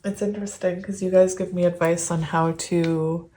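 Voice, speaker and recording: A woman in her thirties talks through a casual tarot reading, her voice sitting a little low. She rambles warmly and giggles often. There is a teary edge to her voice, as if she is close to crying. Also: little pitch movement, moderate pace. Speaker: tarot reader.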